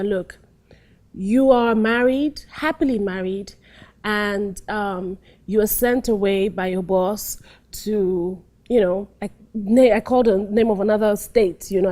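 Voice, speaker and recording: A woman acting coach talking through a scene, acting out lines and dropping to hushed tones. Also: mid-range voice. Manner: animated, acts out scenes, drops to hushed tones. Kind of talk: teaching monologue with acted examples.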